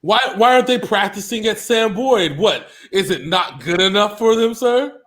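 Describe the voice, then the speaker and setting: High-voiced man trash-talking sports. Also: animated, moderate pace. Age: 30s. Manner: loud, laughing, profane trash talk. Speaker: co-host. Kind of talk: casual sports podcast banter. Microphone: remote call.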